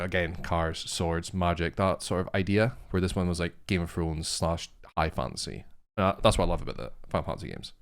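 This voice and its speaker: A young man co-hosting a casual chat, excitable and rambling, swearing freely. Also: sits low. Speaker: co-host.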